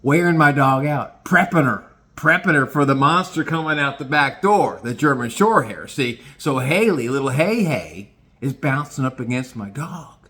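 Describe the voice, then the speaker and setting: A man telling a casual story in an animated, swearing manner. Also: mid-range voice, moderate pace. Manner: animated, swearing, lots of restarts. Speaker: vlogger.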